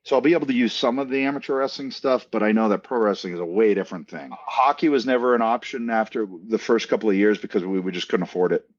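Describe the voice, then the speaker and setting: A middle-aged man from Canada, a podcast guest telling stories in a casual, animated way with jokey asides and plenty of fillers. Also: fairly low pitch, quick pace, few pauses, dull audio. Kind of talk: casual storytelling interview.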